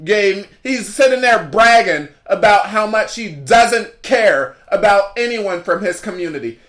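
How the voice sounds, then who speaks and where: A man's voice: high voice, a bit bright. A man hosting a solo podcast, ranting sarcastically and mocking what he criticizes, recorded in an echoey room. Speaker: podcast host.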